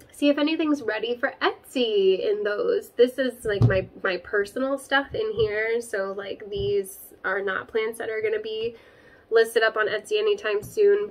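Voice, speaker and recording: A woman's voice: mid-range voice, a little hiss or hum, rough recording. A young woman chatting casually to camera from her spare bedroom about her plants, rambling with lots of fillers. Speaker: plant vlogger.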